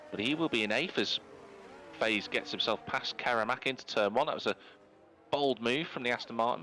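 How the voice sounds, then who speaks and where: A man giving live play-by-play commentary on a sim racing league, brisk and rising in pitch when incidents happen. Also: bright, forceful tone, slight background noise, poor audio. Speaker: race commentator. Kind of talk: live esports race commentary.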